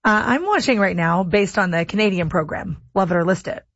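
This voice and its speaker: Lively female radio host, dry sound. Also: medium pitch, brisk, slightly rough, no echo. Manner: lively, conversational, lightly laughing. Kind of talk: casual radio chat. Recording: dry, dull radio audio with faint music.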